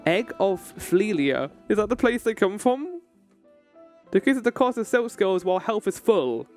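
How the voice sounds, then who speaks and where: A man's voice: high-pitched, sing-song, unhurried, soft background music. A man giving casual let's-play commentary, chatty and rambling, with asides to his chat. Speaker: gaming video host.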